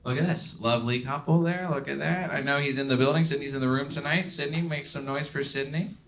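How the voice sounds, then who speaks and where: A man's voice: fairly high pitch, fairly even intonation, fairly quick, fairly bright tone. A man from the American South hosting a live comedy game show, teasing his contestants and laughing as he talks. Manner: teasing, playful, laughing while talking. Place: comedy club stage. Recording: live club crowd noise. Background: live audience laughing.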